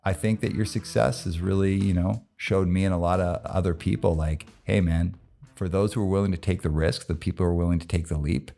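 A man's voice: low-pitched, steady tone, fairly quick, creaky, dark tone. A middle-aged man hosting a podcast, talking in a loose, easygoing way with lots of fillers. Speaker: podcast host. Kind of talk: casual interview chat.

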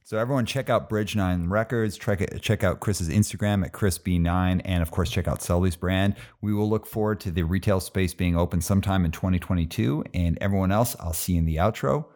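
A man's voice: low voice, a little fast, few pauses, darkish tone. A middle-aged man hosting a podcast, talking in a loose, easygoing way with lots of fillers. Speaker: podcast host. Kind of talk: casual interview chat.

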